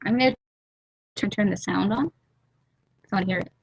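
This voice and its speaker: A woman's voice: medium pitch, moderate pace, vocal fry, breathy edge, no room sound, low-quality recording. Young woman host, loose rambling livestream chat, giggly asides, mumbled trail-offs, laptop mic. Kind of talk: casual chat while drawing. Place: warm room at home.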